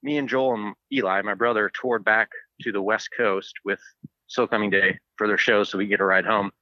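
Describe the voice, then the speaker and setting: A man's voice: on the low side, steady tone, brisk, dry recording, lo-fi sound. A man who plays in a band, a podcast guest telling stories in a dry, sarcastic way. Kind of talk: casual interview chat.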